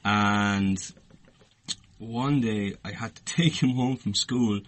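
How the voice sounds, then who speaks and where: An Irish man, co-host of a podcast, telling a story in casual chat, animated and swearing freely. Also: fairly low pitch, slow pace. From Ireland.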